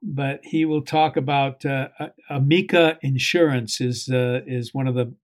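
Casting note: older male actor guest, middle-pitched, hesitant, searching for words. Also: steady tone, darkish tone. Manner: halting, many ums and uhs. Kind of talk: conversational interview.

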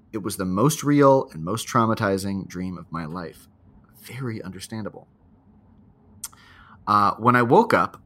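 A man's voice: fairly low pitch, fairly bright tone. A man co-hosting a podcast, reading a listener's spooky story aloud and chatting, laughing often. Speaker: podcast co-host.

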